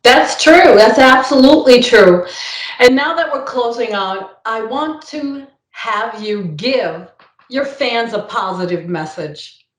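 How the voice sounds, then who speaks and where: A woman's voice: a little high, expressive, slow pace, distant mic. A woman interviewing a guest, mostly chiming in with short encouraging remarks and posing questions. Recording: echoey, off-mic.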